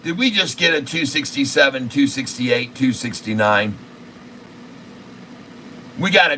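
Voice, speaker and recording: Excitable man hosting a slow trading stream. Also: mid-range voice, a little hiss or hum. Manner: excitable, repetitive, crude jokes, loud outbursts. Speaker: day-trading livestream host. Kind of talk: casual live stock-trading stream.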